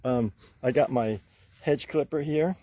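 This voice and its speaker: A middle-aged man talks slowly and unhurriedly to camera outdoors in a casual vlog, his pitch sitting in an ordinary middle range. He rambles, vents his frustration, then apologizes for it. The sound is plain and direct, recorded outside in his garden. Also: mellow, dry recording. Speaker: channel host.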